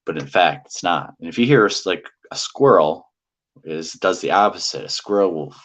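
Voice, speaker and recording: A man's voice: sits low, lively intonation, moderate pace, a bit bright. A man telling a personal encounter story in a casual, rambling way, repeating himself and using lots of fillers. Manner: rambling and repetitive, with many fillers. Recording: dull lo-fi audio.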